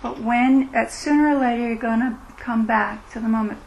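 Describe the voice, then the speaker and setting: Meditation teacher, middle-aged woman, soft and unhurried, gravelly edges, slight room hiss. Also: fairly high pitch, fairly even intonation, rough recording. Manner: gentle, unhurried, reflective. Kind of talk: dharma talk with Q&A. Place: retreat meeting room.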